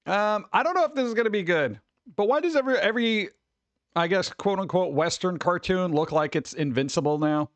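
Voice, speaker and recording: A man's voice: high voice, expressive, a little fast, dry recording. A man streaming live, chatting casually and reading news aloud with offhand jokes in a rambling way.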